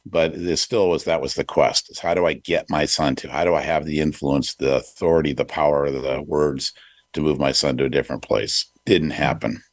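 A middle-aged man hosting a talk show, telling a personal story in an earnest, reflective way, pausing with fillers and restarting his sentences. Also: rumbling low, steady tone, dry recording. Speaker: podcast host.

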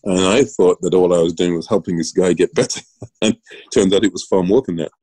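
Middle-aged guy, former coach, telling stories with lots of restarts, very low mellow voice, dry close mic. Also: brisk, husky, dry recording, low-quality recording. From Britain. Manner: rambling anecdotes with restarts and laughs. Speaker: guest, former Olympian and coach. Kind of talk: casual storytelling interview.

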